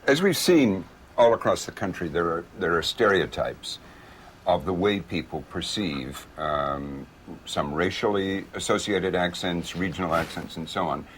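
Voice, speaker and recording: A man's voice: low voice, expressive, unhurried, a little hiss or hum. A male interviewer asking thoughtful, probing questions.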